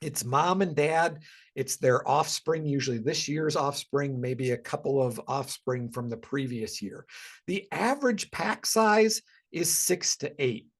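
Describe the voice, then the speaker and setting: A man's voice: a little high, a little slow. A man giving a casual educational webinar talk about wildlife, conversational and full of ums and restarts.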